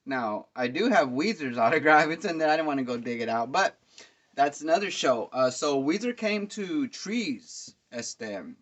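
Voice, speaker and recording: A man hosting a podcast, telling concert stories in a rambling, excitable way, full of fillers and slang. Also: on the high side, normal speed. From Dallas, Texas. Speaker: podcast host. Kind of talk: casual storytelling monologue. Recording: dull lo-fi sound.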